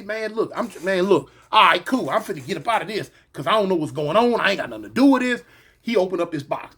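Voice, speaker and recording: High-voiced man telling a street story. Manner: animated retelling, acting out quoted voices. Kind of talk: casual storytelling.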